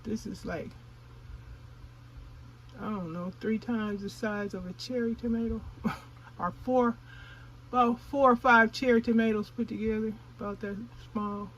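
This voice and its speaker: Eine Frau, die in lockerem Plauderton für ihren Gartenkanal vlogt, ihre Zuschauer direkt anspricht und manchmal beim Kauen redet. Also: female voice, fairly high pitch, steady tone, a little slow, pauses often, a little hiss or hum, low-quality recording. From California. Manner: chatty, addresses viewers as y'all; talks while chewing. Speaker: gardening vlogger. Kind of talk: casual vlog chat.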